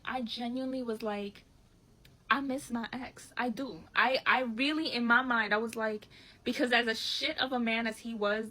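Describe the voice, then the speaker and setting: A woman telling a bad first date story in a blunt, profane, animated way. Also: fairly high pitch, poor audio.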